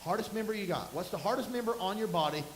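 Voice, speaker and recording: High-voiced preacher, folksy sermon. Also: male voice, expressive, quick pace. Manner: folksy storytelling, rising to emphatic bursts. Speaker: pastor. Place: church sanctuary. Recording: echoey room with faint hiss.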